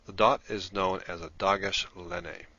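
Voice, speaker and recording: A man's voice: sits low, very animated, unhurried, vocal fry, sharp tone, dull audio. A man giving a recorded lesson, explaining patiently step by step while he writes things down. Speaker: instructor in a played lesson video.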